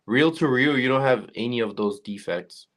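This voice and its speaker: Casting: male co-host, blunt and slangy opinions, mid-range pitch. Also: moderate pace. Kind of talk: casual chat.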